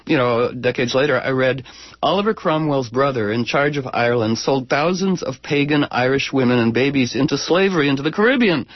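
A man's voice: medium pitch, expressive, brisk, no echo, lo-fi sound. A man hosting a radio talk show, speaking effusively and rambling as he quotes books and friends. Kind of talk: casual conversation.

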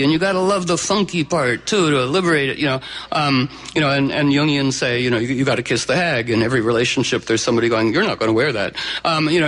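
A man's voice: a little high, a bit bright, rough recording. A man telling an old legend live to an audience, chatty and digressive with lots of fillers. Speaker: storyteller. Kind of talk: live oral storytelling to an audience.

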